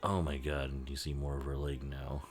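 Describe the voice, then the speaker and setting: A man's voice: rumbling low, completely flat delivery, moderate pace, soft background music. A man giving a casual, rambling commentary over a film, laughing often and swearing freely. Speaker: movie commentary host.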